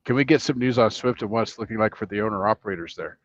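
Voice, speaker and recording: A man co-hosting a trucking livestream, calmly explaining news and reading answers aloud. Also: on the low side, rapid-fire, dry recording, dull audio. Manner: calm, informative, reads answers aloud. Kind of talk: casual livestream chat.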